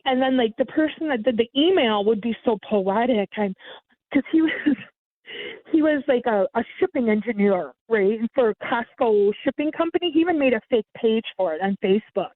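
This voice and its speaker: A woman's voice: moderate pace, dry recording. A woman telling the story of a scam in casual chat, animating it by mimicking others in a raised voice. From United States. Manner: lively, mimics others with sudden high pitch jumps. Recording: tinny phone line, dry.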